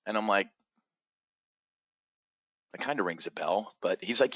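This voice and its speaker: An animated middle-aged man holds forth in a casual monologue. His voice is forceful and bright, with a lowish pitch. The sound is dry and close. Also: moderate pace, pauses often, no echo, dull audio. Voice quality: animated, swears freely, acts out others' voices in high pitch. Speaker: trading community host.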